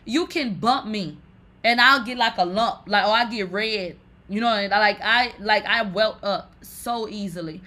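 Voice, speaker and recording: Bright-voiced, profane woman telling stories. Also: medium pitch, measured pace, a little hiss or hum. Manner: animated, profane, swears and calls listeners "bitch" often; rambling, with many fillers like "like". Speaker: livestream host. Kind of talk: casual storytelling to viewers.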